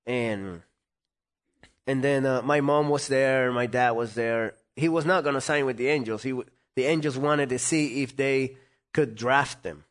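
Man telling a lively story. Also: mid-range voice, measured pace. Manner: animated, acts out quoted voices. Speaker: interview guest. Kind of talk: storytelling in conversation.

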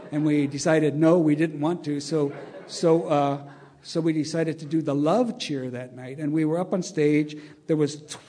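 An older man tells an audience a long, wry anecdote, chuckling as he acts out the dialogue. His voice is a little high with a dark tone.

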